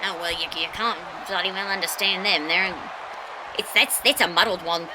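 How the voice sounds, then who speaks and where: A woman playing an excitable woman fan and contest winner who sits in as a guest commentator on an improvised comedy wrestling show, stammering eagerly. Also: on the low side, normal speed, a crowd in the background, background noise, natural voice. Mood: chatty.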